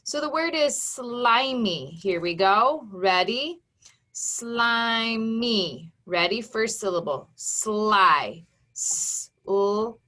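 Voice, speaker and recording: Slow, patient woman phonics teacher. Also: fairly high pitch, lively intonation, pushed and bright. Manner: slow, patient, encouraging, sounds out letters and syllables. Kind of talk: online phonics lesson for young children. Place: home.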